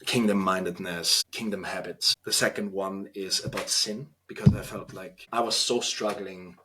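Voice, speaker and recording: A man in his thirties with an Austrian German accent, a guest on a podcast interview, talking earnestly and reflectively with halting restarts. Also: low-pitched, fairly even intonation, bright, forceful tone, slight background noise. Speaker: podcast guest, trainee priest.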